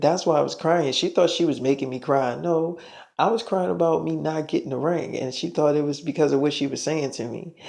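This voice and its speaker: A man tells a story in a rambling, profane way, leaning on fillers like um and like. His voice is gravelly, with plenty of vocal fry, and sits a bit higher than most men's. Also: darkish tone. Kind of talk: casual storytelling.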